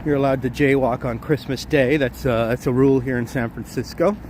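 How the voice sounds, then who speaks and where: A man's voice: mid-range voice, fairly even intonation, fairly quick, a little mellow. A man chatting casually on a walking live stream, reading viewer comments aloud as he goes. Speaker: livestream walking vlogger. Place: city streets outdoors. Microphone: handheld phone. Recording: outdoor phone stream with street noise. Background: faint traffic and street noise.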